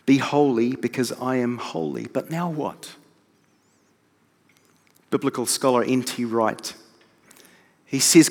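A man preaching a sermon from the pulpit in a measured, deliberate way with pauses. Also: medium pitch, gravelly, a little mellow, husky. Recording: long reverb of a large hall.

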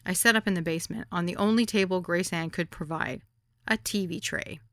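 A woman narrating her own memoir as an audiobook, wry and deadpan. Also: on the low side, brisk, dry recording, studio quality.

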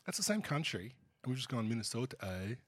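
A man's voice: mid-range voice, big pitch swings, fairly quick, fairly bright tone, no room sound. A man with an Australian accent co-hosting a casual sports podcast, joking in a dry, offhand way. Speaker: podcast co-host. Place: small room at a table.

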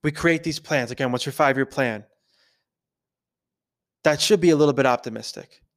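A man hosting a podcast, thinking aloud in a casual, conversational way and often checking in with a quick "right?". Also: medium pitch. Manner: conversational, keeps asking "right?". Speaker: podcast host. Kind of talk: casual reflective podcast talk.

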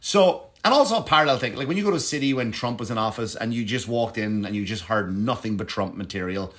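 A man's voice: fairly low pitch, fast talker. A man who does stand-up comedy, talking casually to camera in a digressive, profane way, with frequent false starts. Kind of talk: casual rambling monologue to camera.

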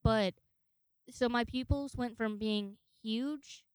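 A woman's voice: fairly high pitch, takes it slowly, clear, resonant tone, no echo. A woman in her twenties telling a personal story in a rambling, profane way, laughing often. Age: 20s. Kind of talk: casual storytelling.

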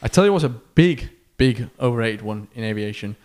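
A young man chats casually on a podcast, his pitch swinging widely as he tells stories. He laughs often and talks like a mate. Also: a little fast. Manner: animated storyteller, laughs often. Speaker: podcast co-host, pilot. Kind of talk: casual chat.

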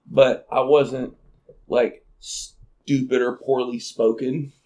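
A man's voice: medium pitch, slow pace. Laughing Southern man in casual chat. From Arkansas. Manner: laughing, swearing, animated storytelling. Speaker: podcast co-host.

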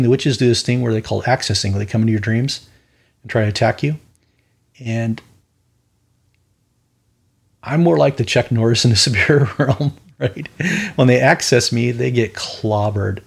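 A minister and podcaster speaks in a mid-range, slightly rough voice with vocal fry, telling stories in a casual fireside chat. Earnest and prone to tangents, he often asks "right?" and discusses spiritual warfare in a matter-of-fact way.

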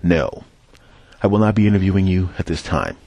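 A man's voice: sits low, big pitch swings, fairly quick, vocal fry, mellow, no room sound. A man from Philadelphia hosting a podcast, telling a profane, rambling story in a casual monologue while walking down a city street and talking into a headset mic. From Philadelphia, USA. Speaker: podcast host.

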